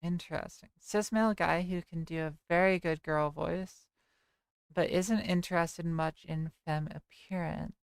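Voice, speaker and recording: A woman's voice: fairly low pitch, fairly even intonation, unhurried, clean tone, dry recording, studio quality. A young woman streamer chatting casually and rambling as she reads her chat aloud.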